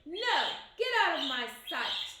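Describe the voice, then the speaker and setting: A woman reading as a fierce shouting king. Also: on the high side, normal speed, roomy sound, close to an everyday voice. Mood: furious. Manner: loud and fierce. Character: furious tyrant king, shouting and barking.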